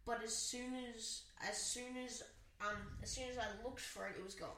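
A woman's voice: fairly high pitch, fairly even intonation, normal speed, pushed and bright. A woman in casual chat as a podcast co-host, telling rambling stories with many fillers. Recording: roomy echo with faint noise.

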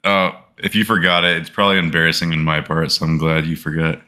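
A young man with a low voice and a sharp, very bright tone. He co-hosts a podcast in casual, crude banter full of jokes. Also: steady tone, fast talker. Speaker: podcast co-host. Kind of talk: casual chat.

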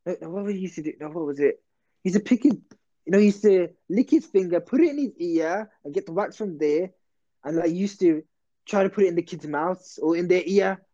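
A man's voice: sits high, a little fast, dark tone, dull audio. A young man telling a rambling, slangy story on a casual podcast. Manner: rambling, slangy, self-interrupting. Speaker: podcast host.

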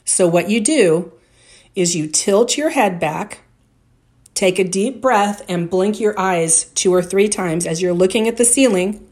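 A woman's voice: medium pitch, a little slow, darkish tone. A woman giving career advice to women in a direct, conversational way, with anecdotes and tips. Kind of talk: motivational advice talk.

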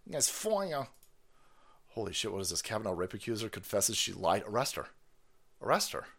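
A man ranting on a live stream, loud, profane and mocking, slipping into sarcastic voices. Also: fairly low pitch, quick pace, creaky, husky.

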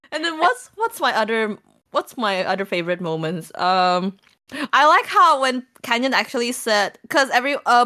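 A woman co-hosts a relaxed esports talk show. She laughs often and retells funny moments with animated, high-pitched quotes in a voice of medium pitch. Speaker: co-host. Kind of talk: casual chat.

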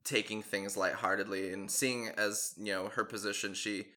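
A man's voice: fairly low pitch, flat delivery, moderate pace, pushed and bright. A man narrating a tabletop role-playing game as game master, loose and chatty with frequent laughs. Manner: laughs often, loose with fillers.

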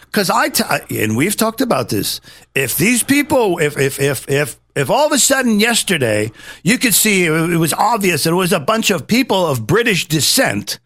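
A man with a high, very lively voice hosts an opinionated talk show. He rants and mocks with strong emphasis. The sound is dry and close, with no room tone. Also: no echo. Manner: animated, mocking, emphatic rants. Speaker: host.

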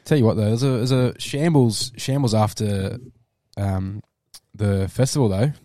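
Young Aussie co-host, lowish dry voice, rambling and slangy. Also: male voice, normal speed, warm tone, no room sound. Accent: Australian. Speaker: podcast co-host. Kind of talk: casual pub chat.

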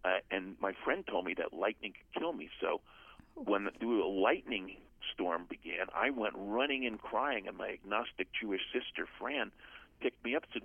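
A man's voice: on the low side, animated, normal speed, creaky, breathy edge, no room sound. An older man from the USA, a guest author telling his personal testimony in an earnest, storytelling way. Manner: earnest storyteller, acts out quoted voices. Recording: phone-line audio.

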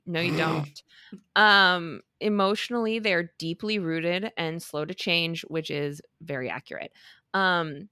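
A woman's voice: lowish voice, pushed and bright, dry recording, clean studio sound. A woman co-hosting a podcast, chatting casually and playfully with plenty of fillers. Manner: playful, rambling, lots of fillers. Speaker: podcast co-host. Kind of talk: casual chat.

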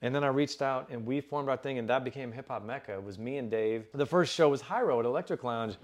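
A man in his forties from Dallas, Texas, sits in as a guest and talks through old stories. He speaks loosely and swears freely, with dude and man sprinkled through every sentence. His voice sits at an ordinary pitch for a man. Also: fast talker. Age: 40s. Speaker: interview guest, DJ. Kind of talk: casual storytelling interview.

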